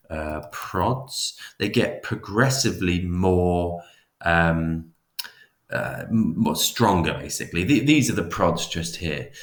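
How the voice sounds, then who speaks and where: A man's voice: sits low, a bit bright, reverberant. A man teaching psychology in a casual, chatty lecture, often restarting and adding asides. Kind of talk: informal classroom lecture.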